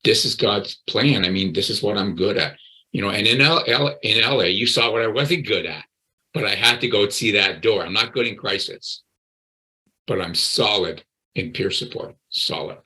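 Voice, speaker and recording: A man's voice: on the low side, moderate pace, pushed and bright, poor audio. A man in his sixties, a recovery coach, earnestly telling his personal story in an interview and often repeating his words.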